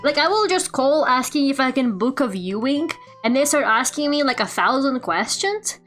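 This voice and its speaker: A woman's voice: sits high, moderate pace, soft background music. A young woman streamer chatting casually while she draws, telling stories animatedly with lots of laughter and "like". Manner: animated storytelling with frequent laughter and filler "like". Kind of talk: casual live-stream chat while drawing.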